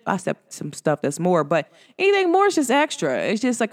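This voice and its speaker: A woman's voice: on the high side, very animated, fairly quick. A woman hosting her own talk show, chatting casually in slang, laughing through stories and firing questions at listeners. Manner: laughs while telling stories. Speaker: podcast host.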